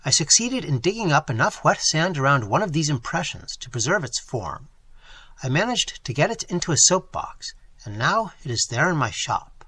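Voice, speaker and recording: A man voicing a mild, fatherly older male professor who lectures gently in an audiobook. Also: on the high side, sing-song, normal speed, husky, no room sound, exaggerated voice. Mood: lecturing.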